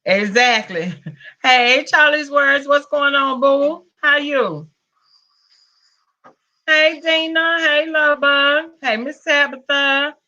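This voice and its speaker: A woman's voice: sits high, slow pace, bright, forceful tone, highs cut off. A woman with a Southern US accent hosting a casual livestream, greeting viewers by name and calling them pet names. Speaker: livestream host. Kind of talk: casual live-stream chat.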